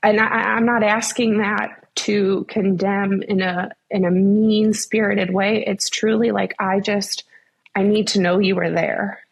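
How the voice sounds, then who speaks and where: A woman's voice: medium pitch, level tone, unhurried, vocal fry, breathy edge. A young woman guest in a faith interview, telling her story earnestly with many fillers.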